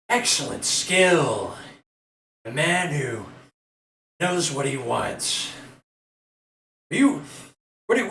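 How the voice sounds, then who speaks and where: A man's voice: medium pitch, creaky, recorded from a distance, exaggerated voice. A man doing a scheming hooded monk. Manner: slow, flattering, persuasive. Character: grinning hooded male monk recruiter, smooth and scheming. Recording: echoey room with faint noise.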